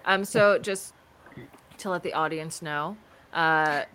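A woman's voice: sits low, takes it slowly, a bit bright, clean tone. A woman hosting a casual chat among friends, laughing often and steering the talk.

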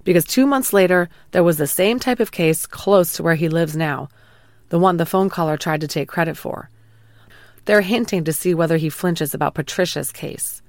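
A woman with a low-pitched voice narrates a true crime case in a calm, measured way. The recording is dry and close, with no room sound around her. She reads it as a prepared script and quotes the people involved without acting them out. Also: no room sound. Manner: calm, measured retelling of an interrogation, quoting lines plainly. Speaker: true crime podcast host.

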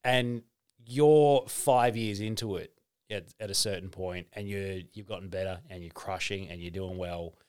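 A man hosting a podcast, chatting loosely, swearing and acting out quotes in quick bursts. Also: sits low, darkish tone, clean tone. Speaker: podcast host and comedian. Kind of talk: casual podcast chat.

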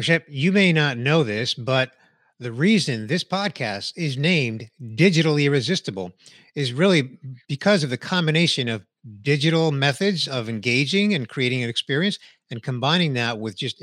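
A man's voice: mid-range voice, fairly bright tone, dry recording. Podcast host man, dry sound. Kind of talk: casual interview questions.

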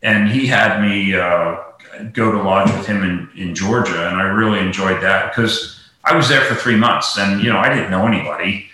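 Brief: male guest, bright rambling delivery full of fillers, very echoey room. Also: low voice, normal speed. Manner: rambling, many fillers and restarts. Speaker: guest, golf professional. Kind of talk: casual interview talk.

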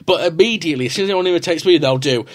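A man's voice: a little high, very fast. A man from Mansfield with an East Midlands accent, co-hosting a casual film podcast with teasing, sweary banter. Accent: East Midlands English. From Mansfield, England. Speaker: podcast co-host. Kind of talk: casual film review chat.

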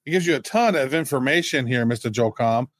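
A man co-hosting a podcast in casual chat, animated and joking, slipping into mock voices when quoting people. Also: medium pitch, a little fast, no room sound. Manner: animated, joking, mimics others in quotes. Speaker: podcast co-host.

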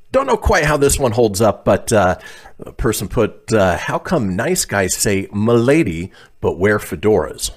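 A man with a low voice hosts a casual comedy radio show. He reads listener posts aloud with a lively, swooping delivery and chuckles along the way. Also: takes it slowly. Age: adult, calls himself officially old.

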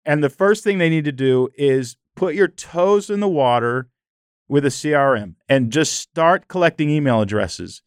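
A male podcast host telling stories in an animated, chatty way, often using "you know". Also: fairly high pitch, moderate pace, clear, resonant tone, dry recording, studio quality. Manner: animated storytelling, frequent "you know" fillers. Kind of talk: conversational interview.

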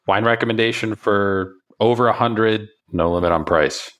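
A man interviewing a guest, asking brisk quick-fire questions. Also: lowish voice, a bit bright.

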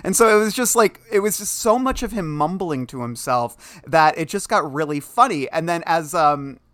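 A man co-hosting a casual podcast about a film, animated and quick to laugh. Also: fairly high pitch, dry recording. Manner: animated, laughs often, mimics the actors he discusses. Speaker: podcast co-host.

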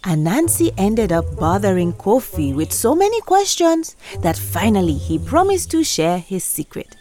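Lively woman telling a children's story. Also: medium pitch, moderate pace, faint music behind. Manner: lively, expressive, asks listeners questions.

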